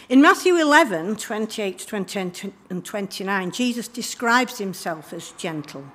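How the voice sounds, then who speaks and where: A woman giving church notices and a talk during a service, chatty and friendly with frequent ums and throat clearing. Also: a little high, fairly bright tone. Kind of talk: church notices and informal sermon.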